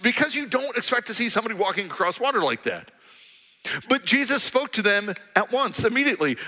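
A man preaching a sermon, telling stories with humor and lively animation. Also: high-pitched, quick pace, in a large hall. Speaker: pastor.

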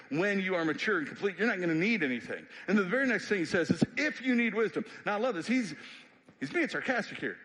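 A man preaching a sermon as pastor, conversational and emphatic, climbing into animated bursts. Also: a little high. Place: church sanctuary. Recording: long reverb of a church hall.

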